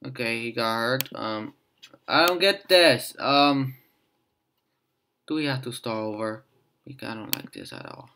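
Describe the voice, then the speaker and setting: Man muttering over a game, gravelly, lively pitch. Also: slow pace, pauses often, slight background noise. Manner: frustrated muttering, swings between loud outbursts and quiet whispers. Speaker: gaming video host. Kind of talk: casual gameplay commentary.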